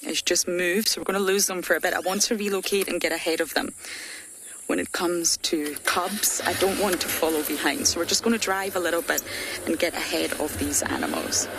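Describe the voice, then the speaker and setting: A woman's voice: lowish voice, a little fast. Chatty woman guide over engine noise. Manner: chatty, laughs often, drops to a whisper near animals. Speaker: safari guide. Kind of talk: live game-drive commentary. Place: outdoors in an open safari vehicle. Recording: engine and outdoor ambient noise.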